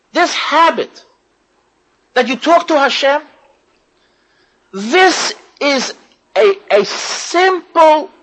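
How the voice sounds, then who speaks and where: A woman with a fairly high, bright voice delivers an impassioned religious lecture to other women, repeating phrases and questioning her listeners. She is a religious teacher, and the recording quality is poor.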